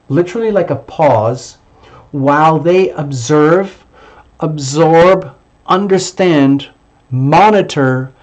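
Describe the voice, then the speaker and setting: A man's voice: on the high side, darkish tone. A man giving a monthly tarot reading, emphatic and repetitive, sometimes speaking the listener's thoughts aloud. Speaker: tarot reader.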